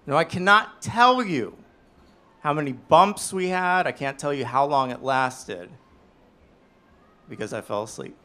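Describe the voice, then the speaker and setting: Bright, animated male storyteller. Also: mid-range voice, normal speed. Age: 30s. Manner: animated, self-deprecating, swings loud and quiet. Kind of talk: live storytelling performance.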